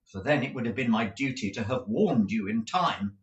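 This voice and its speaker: Guy doing a defiant young teacher, calm but firm, roomy sound. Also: medium pitch, moderate pace, muffled recording, natural voice. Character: indignant young male assistant teacher.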